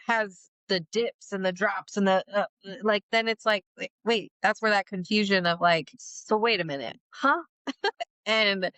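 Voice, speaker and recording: Woman co-host, mid pitch, reflective filler-heavy talk, dry close sound. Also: fairly bright tone, clean tone, dry recording. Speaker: podcast co-host. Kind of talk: casual podcast chat.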